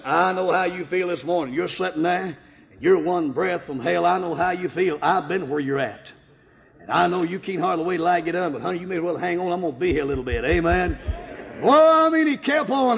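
Man, high gravelly voice, folksy sermon testimony, sudden shouts, echoey hall, dull lo-fi recording. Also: a little fast. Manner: storytelling with sudden shouted bursts. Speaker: preacher.

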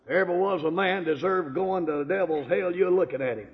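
An older man giving a fervent sermon testimony, swinging from hushed tones to loud outbursts. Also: on the high side, fairly quick, hardly any pauses. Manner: impassioned, swings from hushed to shouting. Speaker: preacher giving his testimony. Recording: dull lo-fi recording in a reverberant hall.

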